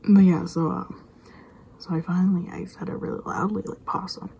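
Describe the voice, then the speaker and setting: Woman, whispered vlog storyteller, gravelly, mellow tone, faint hiss behind. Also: on the low side, steady tone, fairly quick, rough recording. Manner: rambling, self-interrupting anecdote with repeated sound effects.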